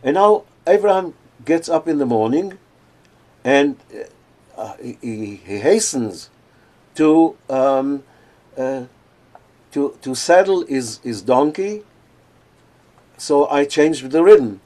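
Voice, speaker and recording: At a conference lecture on cantillation, a man explains in plain speech, then slowly chants scripture verses with drawn-out phrasing. His voice is on the high side, warm, with lively intonation.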